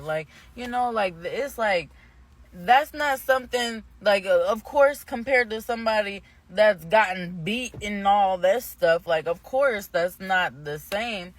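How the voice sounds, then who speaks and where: A woman's voice: mid-range voice, animated, a little slow. Candid young woman telling a story. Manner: candid and rambling, heavy on "like"; grows heated and indignant. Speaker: vlogger. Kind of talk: casual storytime monologue.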